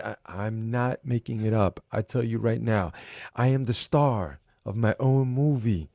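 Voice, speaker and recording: A middle-aged man telling his story as a podcast guest, animated and acting out the voices in his head. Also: fairly low pitch, normal speed, no echo, clean studio sound. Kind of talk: casual conversation.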